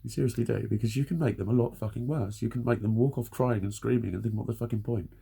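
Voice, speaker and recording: A man's voice: medium pitch, quick pace, creaky, warm tone, husky. A man in his forties giving blunt, sweary, earnest advice in a ranting monologue. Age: 40s. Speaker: vlogger.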